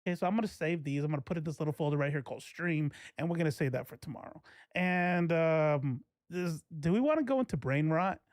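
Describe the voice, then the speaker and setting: A man's voice: on the high side, animated, fast, a little mellow, no room sound. Man in his forties, casual streamer host, rambling chatter, dry close-mic sound. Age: 40s. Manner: rambling, laughing, self-interrupting. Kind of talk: casual live-stream commentary.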